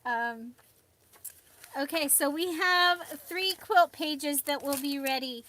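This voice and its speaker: Hosting a relaxed live stream at her craft desk, this woman talks slowly in a high voice that sounds pushed and bright. She chats with her viewers, calls them by name, and laughs a lot.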